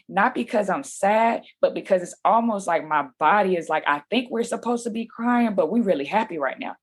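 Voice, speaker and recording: This podcast guest has a mid-range, slightly rough voice. Recounting her own story, she stays casual and lively, dropping slang and playing out what others said.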